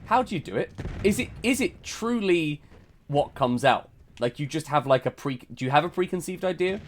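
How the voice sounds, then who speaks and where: A British man hosting a live gaming stream, chatty and excitable, laughing often. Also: a little high, normal speed, a little hiss or hum. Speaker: stream host. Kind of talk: casual chat while gaming.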